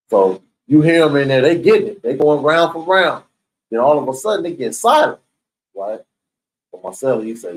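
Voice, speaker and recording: A man's voice: mid-range voice, normal speed, darkish tone, poor audio. A young man telling a story in casual, slang-heavy talk, acting out the voices of the people he quotes. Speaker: storyteller recounting prison life.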